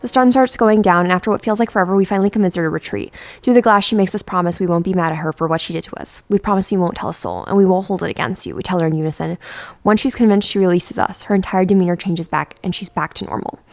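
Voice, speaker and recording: A woman's voice: fairly low pitch, fast, no echo. A young woman YouTuber reading passages from a memoir aloud and commenting candidly between them. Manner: candid, swears casually.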